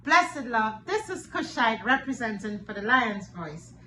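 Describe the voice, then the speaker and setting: A woman's voice: fairly high pitch, very animated, a little slow, pushed and bright, a little hiss or hum. A woman singing and then speaking a devotional station ID. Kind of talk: sung then spoken station ID.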